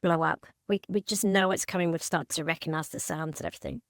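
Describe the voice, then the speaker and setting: A woman's voice: low-pitched, quick pace, dry recording. Woman, mother in counselling, hesitant, repeats words, dry close sound. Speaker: mother seeking advice. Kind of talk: therapy session conversation.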